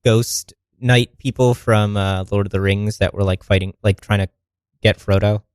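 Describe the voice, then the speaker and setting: A man's voice: fairly low pitch, fairly even intonation, moderate pace, clean tone, no room sound, studio quality. Rambling, laughing man co-hosting a podcast. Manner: rambling, laughing, filler-heavy. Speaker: podcast co-host. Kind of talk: casual podcast chat. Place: radio studio.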